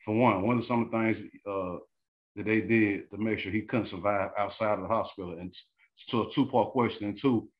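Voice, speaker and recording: A man's voice: lowish voice, fairly even intonation, a little fast. A man interviewing a guest, asking long, rambling multi-part questions. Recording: dull lo-fi sound.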